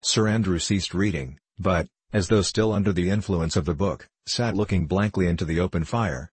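A man narrating an audiobook in a low, husky voice with measured, even storytelling. The sound is dry and close. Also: no room sound.

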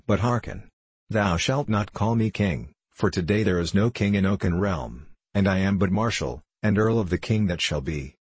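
A man's voice: sits low, moderate pace, darkish tone, husky, dry recording. A man reading as a stern, troubled lord marshal. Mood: commanding. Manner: archaic formal speech, harsh at times.

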